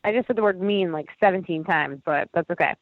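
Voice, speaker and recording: A woman's voice: lowish voice, a little fast, no room sound. A woman telling a rambling story about her walk in casual chat, full of fillers and acted-out quotes. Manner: chatty, heavy on fillers, acts out quoted voices. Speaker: podcast guest walking across the country. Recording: tinny phone-like line, dry.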